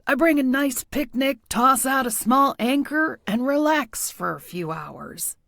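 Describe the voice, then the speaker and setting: A woman's voice: high-pitched, lively intonation, unhurried, gravelly, a bit bright, no room sound, clean studio sound, exaggerated voice. A woman voicing a genial older male small-town police chief who asks folksy, probing questions. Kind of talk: audiobook character voice.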